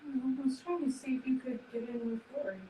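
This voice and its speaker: A woman assisting at a live stream, speaking quietly and low-key from off to the side. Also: fairly even intonation, a little fast, rough recording.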